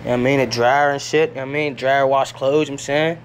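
A man's voice: mid-range voice, fairly even intonation, very fast, slight background noise. A young man giving a rambling, hyper home tour on a handheld camera, talking in slangy, profane bursts indoors at home.

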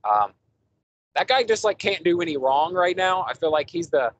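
A man's voice: high-pitched, animated, moderate pace, muffled recording, a little hiss or hum. A man hosting a casual podcast movie review, rambling enthusiastically with lots of fillers and restarts. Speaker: podcast host.

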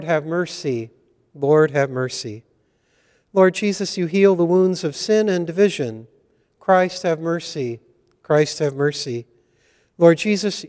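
A man with a fairly high, smooth voice leads Mass and reads scripture in a church. He speaks slowly and deliberately, each phrase measured. A long reverb trails behind his words. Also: darkish tone. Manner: slow, measured liturgical delivery. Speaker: priest. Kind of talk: leading Mass and reading scripture.

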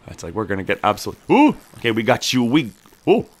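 A man giving casual gameplay commentary. His pitch swings widely, jumping up high when the game excites him and dropping low when he mutters to himself. He talks to his character like a buddy. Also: quick pace. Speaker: gameplay streamer. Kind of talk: casual let's-play commentary.

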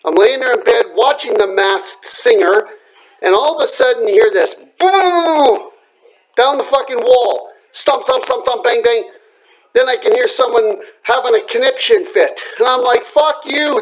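A furious man with a very high, strained voice rants at his camera from home at night. He swears constantly and makes threats, and his voice cracks with agitation. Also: low-quality recording. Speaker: vlogger. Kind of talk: angry rant to camera.

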